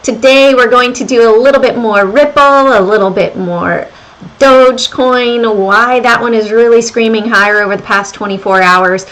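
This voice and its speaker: Middle-aged lady w a light southern accent, chatty market livestream host, higher voice, talks to chat a lot. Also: fairly even intonation, moderate pace, low-quality recording. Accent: slight Southern American. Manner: chatty, reads viewer comments aloud, thinks out loud. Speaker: livestream host talking stocks and crypto. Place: home room during renovation work.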